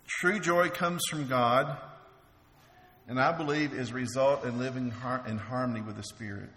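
A man's voice: medium pitch, normal speed, sharp tone, slight background noise. A man preaching a sermon in an earnest way, often repeating words as he restarts. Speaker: preacher and teacher. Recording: echoey hall with faint ambience.

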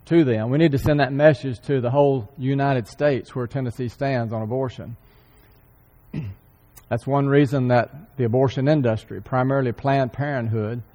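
A man preaching a sermon, earnestly repeating key phrases for emphasis and often clearing his throat. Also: medium pitch, dark tone. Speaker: church speaker. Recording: long hall reverb.

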